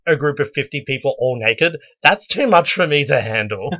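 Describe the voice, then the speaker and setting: A man in casual podcast chat, his voice bright and forward, dry and close with no room sound. He tells stories bluntly and jokes as he goes, all through a dull, lo-fi recording. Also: medium pitch, normal speed, dry recording. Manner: animated storytelling, blunt and joking. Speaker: podcast co-host.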